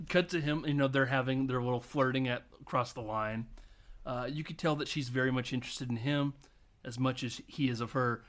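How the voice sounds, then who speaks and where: A man's voice: medium pitch, fairly even intonation, normal speed, fairly bright tone. A man hosting a podcast, loosely retelling a comedy film with profanity, frequent laughter and acted-out quotes. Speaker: podcast host. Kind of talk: casual film recap chat.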